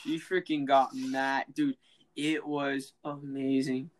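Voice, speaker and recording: A teenage boy hosting a casual podcast, telling a prank story in an excitable, laughing, slangy way and acting out the voices. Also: mid-range voice, takes it slowly, poor audio. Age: teens. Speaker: podcast host.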